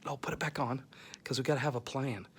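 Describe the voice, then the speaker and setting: A man's voice: mid-range voice, fairly even intonation, quick pace, a little hiss or hum. A man holds a phone and chats in a hospital room, teasing and laughing as he narrates a casual vlog. His voice sits in a middle range. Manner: playful, teasing, laughs often. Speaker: father filming a vlog. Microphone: phone camera he holds.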